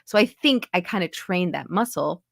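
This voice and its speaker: A woman's voice: fairly low pitch, animated, moderate pace, creaky, dry recording, studio quality. An American woman in her forties from New York, a chatty accent coach on a video call who keeps dropping into voices to show them. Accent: American, light Texas coloring over New York. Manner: chatty, full of "like", slips into voices to demonstrate. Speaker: interview guest, accent coach. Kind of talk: casual interview.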